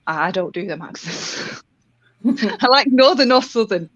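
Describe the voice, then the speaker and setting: A woman's voice: mid-range voice, animated, measured pace, a bit bright. A woman with a Northern English accent, chatting casually and laughing often. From Northern England. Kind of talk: casual chat. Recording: dull lo-fi audio.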